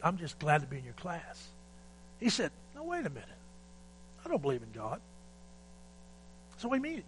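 Man, pastor delivering a sermon; high, bright voice, folksy storyteller who builds to shouting; light electrical hum. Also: gravelly, rough recording. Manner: calls for amen from the congregation.

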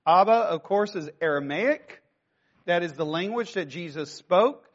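A man delivers a sermon in a notably high-pitched voice, speaking conversationally as a pastor and peppering his teaching with rhetorical questions. The recording sounds slightly dull and lo-fi. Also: lively intonation, unhurried.

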